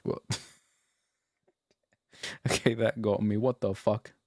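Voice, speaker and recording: A man's voice: fairly low pitch, flat delivery, slow pace, darkish tone, no echo, clean studio sound. A man streaming as he reacts to videos, casual, swearing freely and laughing often.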